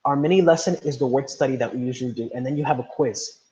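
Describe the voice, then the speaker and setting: A man's voice: mid-range voice, quick pace, dark tone. Man teaching an online class, muffled. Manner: patient, repeats words and checks with "right?". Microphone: video call.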